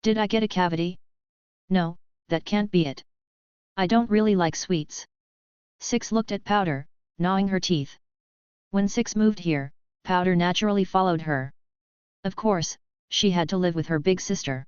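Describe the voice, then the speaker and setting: Female narrator, low smooth voice, even storybook reading, dry muffled recording. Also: normal speed, pauses often, no echo. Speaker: audiobook narrator. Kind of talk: scripted narration.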